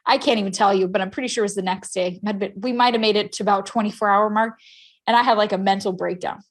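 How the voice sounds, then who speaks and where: A woman co-hosting a talk show, telling a personal story in a casual, emphatic and animated way, full of "like" fillers. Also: mid-range voice. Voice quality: rambling with many "like" fillers. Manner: animated, emphatic, fast swings in loudness. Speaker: podcast co-host.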